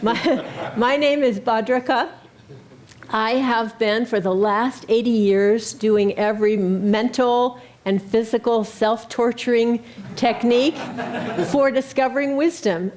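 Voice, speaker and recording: A woman's voice: fairly high pitch, steady tone, unhurried, darkish tone, slight background noise, lightly acted. Bhadraka, a proud old hermit, woman voicing. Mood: boastful. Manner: boastful, self-assured.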